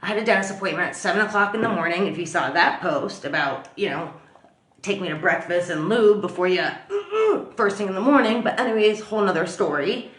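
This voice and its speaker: Woman vlogging at home, rambly chatty storytime, mid pitch, bit of room echo. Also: brisk. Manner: chatty, animated, lots of fillers. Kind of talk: casual storytelling to camera.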